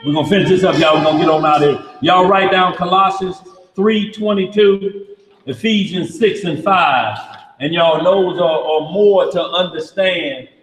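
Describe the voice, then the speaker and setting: A man's voice: sits high, moderate pace, a bit bright, a little hiss or hum. A man leading an informal Bible study, talking conversationally with rhetorical questions and joking asides. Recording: echoey hall with long reverb.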